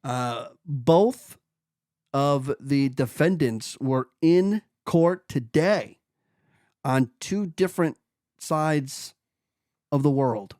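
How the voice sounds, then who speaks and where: Slow, easygoing male podcast host. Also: mid-range voice, expressive, darkish tone, dry recording, clean studio sound. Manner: bantering, reads promos steadily. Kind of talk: casual podcast banter.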